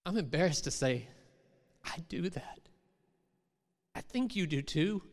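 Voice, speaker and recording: At a measured pace, this middle-aged preacher speaks expressively in a fairly high voice, moving from easy conversation with the congregation to emphatic quoted lines. A large hall gives the sermon a long reverb.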